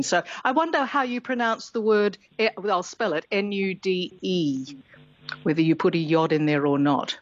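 A woman's voice: deep voice, no room sound, highs cut off. A woman, talking on the radio as a language expert, explaining in a chatty way and laughing easily. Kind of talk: radio talk explaining pronunciation.

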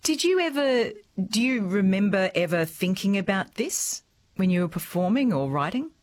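A woman's voice: mid-range voice, sing-song, moderate pace, a little mellow. A woman hosting a radio interview, asking conversational questions into a close studio microphone. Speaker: radio host.

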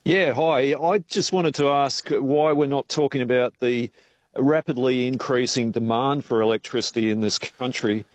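A man's voice: medium pitch, normal speed, no echo. A man calling in to radio and asking a direct, pointed question. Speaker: caller.

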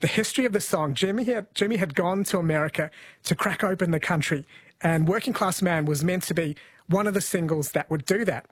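A man's voice: high-pitched, brisk, breathy edge, no room sound. Earnest man, dry close sound. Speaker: podcast host. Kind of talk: casual chat, explaining.

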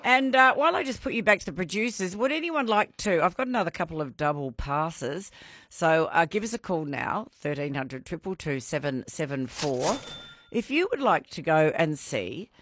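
Bubbly Australian female radio host, bright crisp tone, dry studio sound, runs a phone-in quiz. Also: fairly low pitch, big pitch swings, moderate pace, no echo. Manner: bubbly, laughing often. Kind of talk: casual radio quiz chat.

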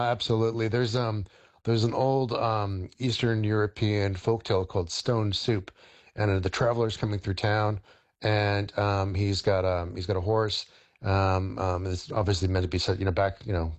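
Low-voiced man, halting and full of fillers. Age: middle-aged. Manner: halting, many fillers and restarts, storytelling. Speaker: historian and chef, radio guest. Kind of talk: casual radio interview, explaining cooking.

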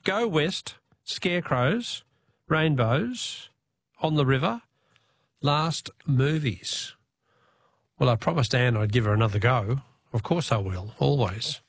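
A man's voice: medium pitch, lively intonation, slow, creaky, slightly rough, no room sound, studio quality. An Australian man hosting a radio phone-in quiz, chatty and upbeat with the callers.

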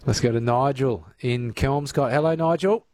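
A man's voice: medium pitch, normal speed, a little mellow. A man hosting talkback radio, chatting loosely with callers and slipping in lots of "uh"s. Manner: chatty, filler-heavy. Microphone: studio mic.

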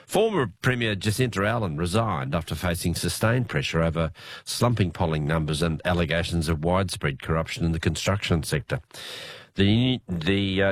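Male Australian radio host, low voice, hoarse, loose chatty delivery. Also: slight background noise. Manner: relaxed, chatty with fillers. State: hoarse, unwell voice. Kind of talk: late-night radio news talk.

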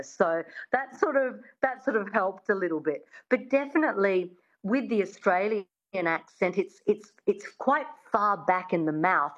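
A woman dialect coach being interviewed on the radio, explaining thoughtfully with frequent restarts. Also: lowish voice. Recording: dull, muffled line.

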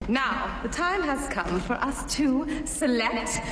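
An actress playing a wealthy, out-of-touch, elite official who speaks with a mid-Atlantic accent in a slow, grand, ceremonious way. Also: female voice, high-pitched, animated, background noise. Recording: film audio, far off, in a roomy hall.

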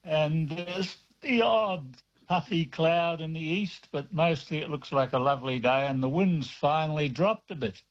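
A man's voice: fairly high pitch, unhurried, lo-fi sound. A man calling a radio show, chatting cheerfully and describing his surroundings. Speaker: caller. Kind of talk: casual radio phone chat.

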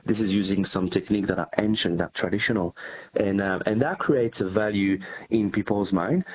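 A man's voice: on the low side, normal speed, slight background noise, rough recording. A man with a French accent, a cheesemaker answering radio interview questions in an earnest, explanatory way. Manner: earnest, explanatory, with frequent restarts. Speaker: cheesemaker, company director.

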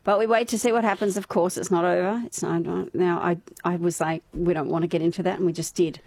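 A woman's voice: fairly low pitch, steady tone, brisk, a little mellow, dry recording. Chatty Australian woman radio host. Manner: chatty, reads out listener texts, laughs often. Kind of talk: casual radio chat. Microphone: studio microphone.

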